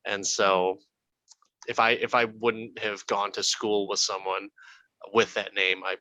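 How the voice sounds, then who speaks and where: A man's voice: fairly low pitch, level tone, unhurried, pushed and bright, no echo, low-quality recording. A man co-hosting a podcast, chatting casually about a film and joking, swearing freely. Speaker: podcast co-host. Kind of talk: casual movie review chat.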